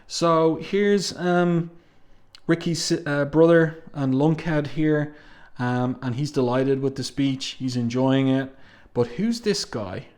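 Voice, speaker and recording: A man's voice: fairly high pitch, little pitch movement, slow pace, a little mellow. A man reviewing an old comic book, reading its captions and speech balloons aloud and adding his own comments between them, with frequent ums. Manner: reads captions plainly, with frequent ums and asides.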